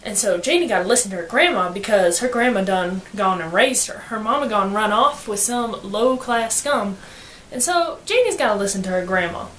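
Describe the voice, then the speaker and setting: A woman's voice: mid-range voice, animated, normal speed, fairly bright tone, slight background noise. Playful young woman reviewing a book. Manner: playful and slangy. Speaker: vlogger. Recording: echoey room.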